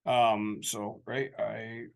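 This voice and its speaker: A man's voice: fairly low pitch, flat delivery, very slow, gravelly. Easygoing man in casual podcast chat. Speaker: podcast co-host.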